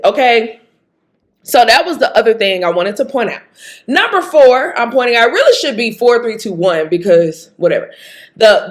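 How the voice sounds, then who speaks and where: A woman from Mississippi with a Mississippi accent, chatting casually and emphatically as she reviews a movie. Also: fairly high pitch. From Jackson, Mississippi. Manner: chatty, animated, emphatic, laughs often. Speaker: vlogger.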